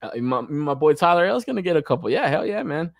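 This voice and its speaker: A man's voice: on the high side, fast talker, gravelly, dry recording, clean studio sound. A young man hosting a toy collecting podcast in casual, profane chat, often laughing and ranting. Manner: profane, animated, frequent laughter.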